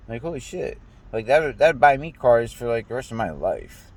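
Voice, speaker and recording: A man's voice: medium pitch, sing-song, normal speed. A young American man ranting in casual talk, swearing often and stumbling over restarts as he rambles. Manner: profane, rambling, stammers and restarts. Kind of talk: casual rant.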